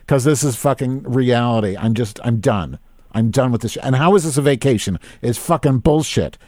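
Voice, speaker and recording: A man's voice: mid-range voice, moderate pace, warm tone, dry recording, studio quality. A man in his fifties hosting a podcast, ranting casually with lots of profanity and exasperation. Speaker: podcast host. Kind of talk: casual live-stream rant.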